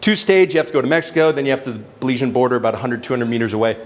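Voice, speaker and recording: A young adult man telling a casual, animated story as a speaker at a networking event, swearing now and then. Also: medium pitch, rapid-fire. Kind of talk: storytelling talk on stage. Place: event venue with live audience.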